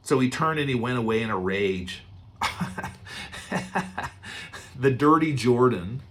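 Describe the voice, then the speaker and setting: A male pastor preaching a sermon, retelling a scripture story in a casual, animated way. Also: mid-range voice, normal speed. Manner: conversational, animated retelling with chuckles.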